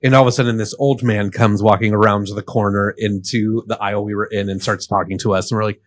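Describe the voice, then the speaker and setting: A man's voice: lowish voice, steady tone, fast talker, hardly any pauses, no room sound. A man co-hosting a podcast, telling a story casually with lots of fillers and restarts. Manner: rambling, filler-heavy storyteller. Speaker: podcast co-host.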